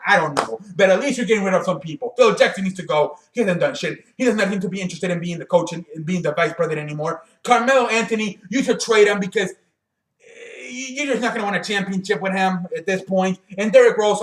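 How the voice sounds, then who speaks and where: Breathless guy doing a sweary sports rant, kinda high voice, echoey room. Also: lively intonation, brisk. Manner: blunt, profane, rambling with restarts. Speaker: sports show host. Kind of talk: casual sports rant to camera.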